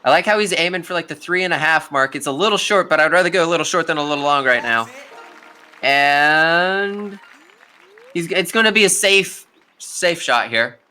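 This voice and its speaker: A man's voice: on the high side, moderate pace, pushed and bright, a faint crowd. A young man giving casual live play-by-play commentary on a video game golf tournament, chatty and talking straight to the players.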